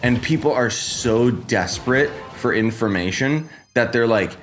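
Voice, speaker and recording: A man's voice: mid-range voice, animated, unhurried, soft background music. A man streaming a game live, chatting casually and rambling while greeting viewers by name, his voice congested from just waking up. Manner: laid-back, rambling, greets chat by name. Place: home streaming setup with green screen.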